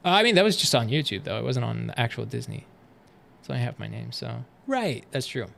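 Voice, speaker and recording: A man streaming live, chatting casually with his viewers as he reacts to videos, animated and swearing freely. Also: mid-range voice, brisk, gravelly, a little hiss or hum.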